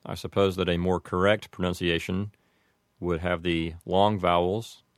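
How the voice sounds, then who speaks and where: A man walks through pronunciations in a measured, methodical way. His voice sits very low. The recording is dry and close. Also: little pitch movement, no room sound. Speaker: Latin pronunciation teacher. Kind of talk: explanatory lesson.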